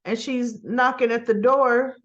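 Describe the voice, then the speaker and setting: A woman giving a casual, chatty recap, animated and full of rhetorical asides. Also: fairly high pitch, unhurried, highs cut off. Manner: animated, rhetorical asides, talks back to characters. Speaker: soap opera recap vlogger.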